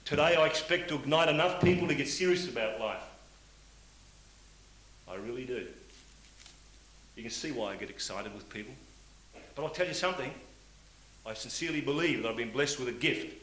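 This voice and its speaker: A middle-aged man giving a motivational speech to a sales audience, swinging between loud preaching and quiet, confiding storytelling. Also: mid-range voice, lively intonation, fairly quick. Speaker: motivational speaker at a sales meeting. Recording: hissy old cassette tape in a roomy hall.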